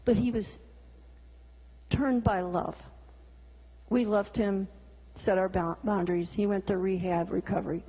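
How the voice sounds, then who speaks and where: A woman's voice: mid-range voice, steady tone, measured pace, long pauses, breathy edge. A middle-aged woman giving a talk, a frank storyteller who swears freely and throws in exasperated asides. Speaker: cartoonist and teacher giving a talk. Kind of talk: candid storytelling talk with slides. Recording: lo-fi recording with long hall reverb.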